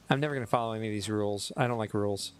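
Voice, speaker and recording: A man with a Chicago accent, a bit tipsy from whiskey, rambling casually and poking fun at himself as he chats with viewers during a livestream. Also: fairly low pitch. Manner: rambling, self-mocking, talks to chat. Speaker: streamer. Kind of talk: casual game livestream chat.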